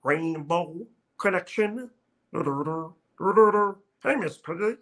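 A cheerful little puppet frog with a nasal, reedy croon, as a man does an impression. The voice goes thinner and softer than his own, with an odd, pinched timbre. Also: high voice, lively intonation, unhurried, heavily acted. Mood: cheery.

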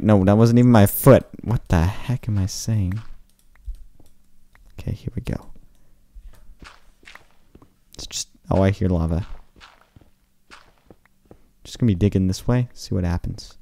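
A man playing a video game and commenting casually, rambling to himself with excitable outbursts. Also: fairly low pitch, creaky, no echo. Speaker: gaming channel host. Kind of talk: casual let's play commentary.

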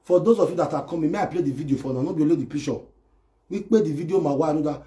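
A man doing a comic live-stream rant, excitable and mocking as he acts out imagined scenes. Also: fairly high pitch, very fast. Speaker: comedy live video host. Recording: echoey room.

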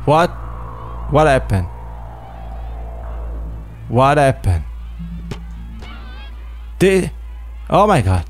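A man's voice: mid-range voice, big pitch swings, very slow, pauses often, soft background music. Jumpy man reacting while playing a game. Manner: jumpy, exclaiming, swearing reactions. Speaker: game player. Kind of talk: let's play commentary.

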